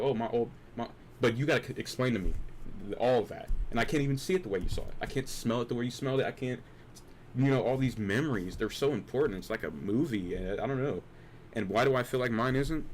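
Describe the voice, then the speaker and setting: A young streamer rambles through a philosophical late-night chat, repeating himself and restarting often while swinging from hushed tones to loud excitement. His pitch is medium, and there's slight background noise.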